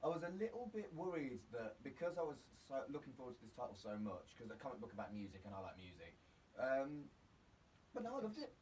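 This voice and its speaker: A man's voice: medium pitch, big pitch swings, fast, a little mellow. A man co-hosting a radio show about comics, chatting casually and often stammering and repeating words. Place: radio studio. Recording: mic a little far off, faint noise.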